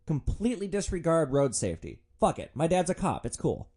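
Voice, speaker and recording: A man's voice: a little high, wildly swooping pitch, a little fast, warm tone, voice pushed up. Figure: a man mocking a smug, entitled college kid. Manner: mocking, whiny.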